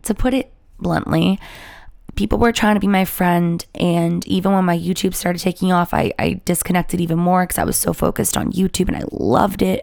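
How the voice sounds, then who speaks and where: Heard first is a low-pitched voice with lots of vocal fry, from a young woman in her twenties. She speaks to her viewers as a YouTuber, confessional and rambling, and her words sound close and dry with no room around them. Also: darkish tone, dry recording. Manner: rambling, confessional, heavy with "like" and restarts. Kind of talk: candid personal storytelling to viewers.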